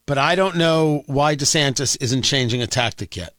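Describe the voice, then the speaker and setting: A man's voice: mid-range voice, moderate pace, no room sound. A man with an East Coast American accent hosting a talk radio show, delivering an opinionated, sarcastic, joking monologue from a studio mic. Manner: sarcastic, animated, jokey. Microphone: close studio mic.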